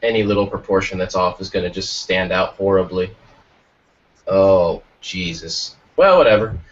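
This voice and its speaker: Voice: low voice, normal speed, a little hiss or hum. A podcast co-host in casual chat, joking and reacting with laughter. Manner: lively, jokey, reacts with laughter. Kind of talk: casual chat over a call. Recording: distant, dull lo-fi call audio.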